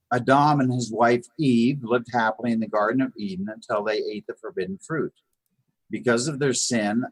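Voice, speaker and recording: Husky and medium-pitched with no echo, a man teaches beginners' Hebrew in a live online lesson at a Chabad house. He goes patiently, sounding words out and repeating them, with many fillers and restarts.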